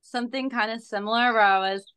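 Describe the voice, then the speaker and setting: A woman's voice: on the high side, fairly even intonation, fast talker, a bit bright, clean tone, no echo. A woman in casual podcast chat, telling a personal story in an earnest, emphatic way.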